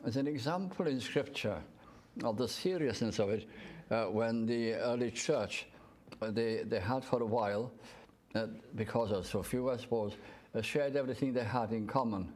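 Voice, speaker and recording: A man preaching a sermon in short, measured phrases, reading out scripture to a gathered congregation. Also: mid-range voice, a little mellow. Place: church gathering in the evening.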